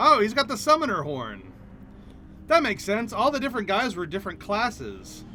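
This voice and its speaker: Chatty gamer guy, high bright voice, super expressive, joking around. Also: moderate pace, faint music behind. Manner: playful, chatty, reacts aloud. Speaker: game streamer. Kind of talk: casual chat while playing.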